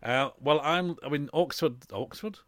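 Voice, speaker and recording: A man's voice: fairly high pitch, normal speed, fairly bright tone, no room sound, studio quality. A man co-hosting a casual podcast chat, rambling and laughing often. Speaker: podcast co-host. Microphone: headphones and desk mic.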